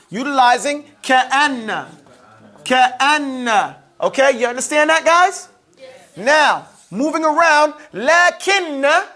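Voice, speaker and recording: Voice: high-pitched, pushed and bright. A grammar teacher in a casual classroom lesson who keeps asking students questions and checking that they follow. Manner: drawls out terms slowly to drill them.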